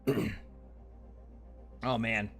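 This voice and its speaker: A young man livestreaming a game speaks slowly over soft background music, chatting upbeat with viewers between games in casual stream talk. He's losing his voice from too little sleep.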